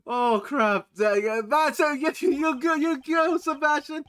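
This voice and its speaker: A man streaming a game live, reacting loudly and excitably with swearing. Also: very high-pitched, slow pace. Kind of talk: live game playthrough commentary.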